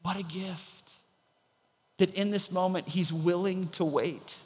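A man's voice: high-pitched, steady tone, slow pace, a little mellow, long reverb tail. A man preaching a sermon as pastor, telling a story and acting out the voices of the people in it.

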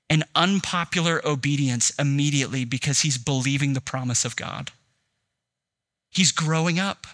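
Man, pastor, sermon, fairly high voice, bright and forceful tone, conversational, acts out dialogue.

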